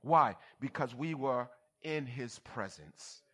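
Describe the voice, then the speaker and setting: A man's voice: medium pitch, lively intonation, slow pace, slightly rough. A man preaching a sermon as pastor, checking in with the congregation and teasing with playful asides. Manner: call-and-response, checks on the congregation.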